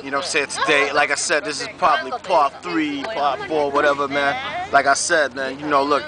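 A man's voice: on the high side, little pitch movement, a little fast. A man hosting a casual vlog outdoors at a party, talking in a hyped, slangy, drawling way with plenty of swearing. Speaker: vlogger. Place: outdoor park picnic, crowd around. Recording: loud crowd noise behind.

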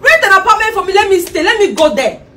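A woman's voice: high-pitched, animated, quick pace, a bit bright, far from the mic. A woman acting a distraught, fed-up wife who talks in an exasperated, pleading way.

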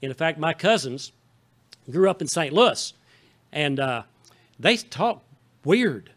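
A Southeast Missouri pastor with a Southern Missouri accent delivers a folksy, conversational sermon in a church sanctuary, often checking in with his congregation. His voice sits on the high side and sounds animated and a bit bright. He takes his time with each phrase.

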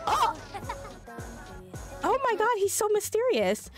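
A woman's voice: very high voice, slow pace, music in the background. A woman hosting a let's play, giving casual, swear-filled commentary and chatting with her game characters. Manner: animated, swearing, voices the characters.

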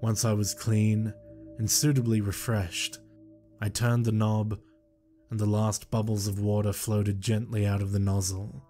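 A man narrating a horror story in a slow, measured, somber way. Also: fairly low pitch, flat delivery, mellow, faint music behind.

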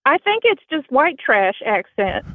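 Calling a podcast by phone from Bloomington, Indiana, this Southern-accented woman speaks with dry, self-deprecating humor. Her voice is high-pitched and sing-song, a little slow, with no room sound on the tinny line.

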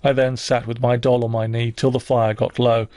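A man's voice: mid-range voice, little pitch movement, normal speed, warm tone, no echo, studio quality. Man reading a classic novel aloud. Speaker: audiobook narrator. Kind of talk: scripted narration.

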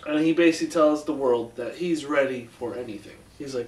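A man co-hosting a casual podcast, retelling events with animated acted-out quotes. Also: medium pitch, fairly quick, roomy sound, far from the mic. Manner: animated storyteller, acts out quotes. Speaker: podcast co-host. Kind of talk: casual recap chat.

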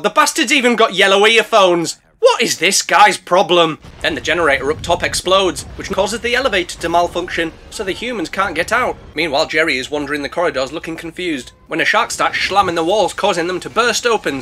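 Bright, lively reviewer. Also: male voice, fairly high pitch, a little hiss or hum. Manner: cheeky, sweary. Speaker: movie reviewer. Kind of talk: comic movie recap narration.

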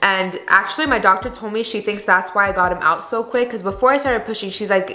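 A woman's voice: mid-range voice, brisk, few pauses, bright, forceful tone. A young woman vlogging in a candid, chatty way, full of "like" and "you guys.". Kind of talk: casual chat to camera. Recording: echoey room.

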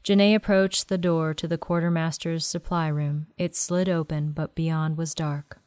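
A woman reading an audiobook in a steady, measured storytelling manner. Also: low voice, clean tone, no echo. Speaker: audiobook narrator. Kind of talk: scripted narration.

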